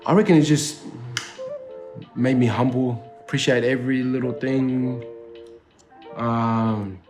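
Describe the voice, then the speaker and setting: A man with an Australian accent talks in an easygoing interview, full of slang, swearing and fillers. His voice sits in an ordinary middle register. Soft guitar music plays faintly underneath. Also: medium pitch. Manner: laid-back, slangy, swears freely, many fillers. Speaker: rapper interviewed as guest. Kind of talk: casual interview chat. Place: indoor studio.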